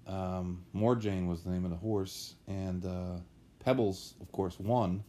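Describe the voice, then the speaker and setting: A man's voice: sits low, fairly even intonation, slow pace, warm tone. A man chatting casually on a podcast as a guest, telling rambling, anecdotal stories about horse racing.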